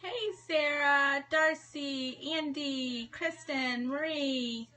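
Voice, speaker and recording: A woman in her thirties with a high, sharp-toned voice speaks extremely slowly as she hosts a casual live stream from her home office. She's bubbly, chatting and greeting viewers by name.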